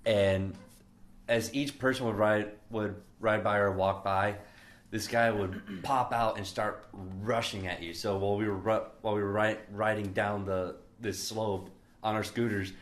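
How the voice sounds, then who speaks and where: A man from Florida casually recounting a memory on a podcast, in a halting way with restarts. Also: fairly low pitch, steady tone. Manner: halting, full of fillers and restarts. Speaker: podcast co-host. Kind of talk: casual chat, storytelling.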